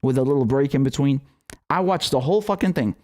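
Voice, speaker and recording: A man's voice: mid-range voice, quick pace. A young man giving a heated solo political commentary, swearing often and ranting sarcastically. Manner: profane, animated, sarcastic rants.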